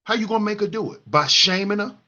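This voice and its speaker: A man's voice: high-pitched, quick pace, bright, forceful tone, highs cut off. A man hosting a heated commentary monologue, preaching at other men and mocking them in a whiny put-on voice. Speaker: commentary channel host. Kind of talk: heated monologue reading live chat.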